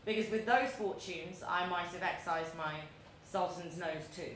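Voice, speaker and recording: A woman in her thirties with a London accent reads her personal essay aloud in a measured, deliberate, dryly wry way. Her voice sits a little low. It echoes strongly around a large room, with a faint noise underneath. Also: fairly bright tone. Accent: London English. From London, England. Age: 30s. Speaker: author reading her essay. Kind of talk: live reading of a personal essay. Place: large echoey museum event space.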